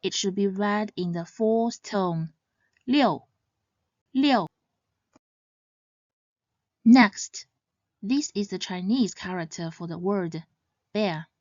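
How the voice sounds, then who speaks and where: A woman teaching Mandarin pronunciation in scripted narration, saying each example syllable louder and higher. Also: slow pace, no room sound. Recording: slightly dull, dry sound.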